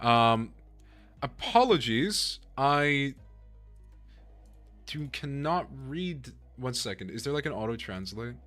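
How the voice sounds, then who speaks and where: Bright-voiced man streaming a game casually. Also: mid-range voice, very animated, takes it slowly, long pauses, dry recording, faint music behind. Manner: casual, profane, laughs often, apologetic to chat. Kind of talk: live game stream, chatting with viewers.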